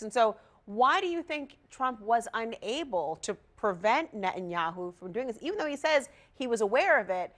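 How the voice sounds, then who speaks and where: A female news anchor asks crisp, direct questions at a middle pitch. Her delivery is composed and keeps the panel moving. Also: fairly bright tone. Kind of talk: live news hosting.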